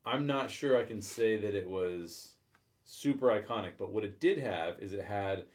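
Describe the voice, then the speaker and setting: Low-voiced man thinking aloud. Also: normal speed, darkish tone. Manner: hesitant, thinks aloud with ums. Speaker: podcast co-host. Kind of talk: casual chat.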